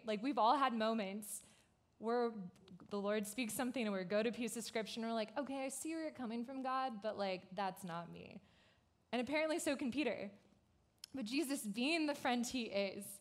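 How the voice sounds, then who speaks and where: A woman preaching to a youth group in a loose, chatty way. Her voice sits a little high, and she tells the story with lively asides and many "like" fillers. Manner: casual, conversational, frequent "like" fillers; animated storytelling. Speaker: pastor. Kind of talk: youth sermon.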